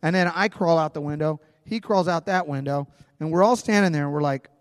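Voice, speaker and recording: A pastor telling a personal story in a sermon, conversational and animated, in a large church hall. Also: male voice, fairly high pitch, fairly quick, clean studio sound.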